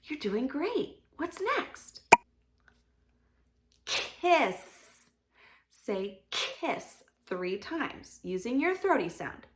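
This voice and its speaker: A woman speech therapist leading a children's sound practice lesson, modeling sounds clearly and giving encouraging praise. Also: fairly high pitch, sing-song, background noise. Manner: slow, clear modeling of sounds with pauses for kids to repeat.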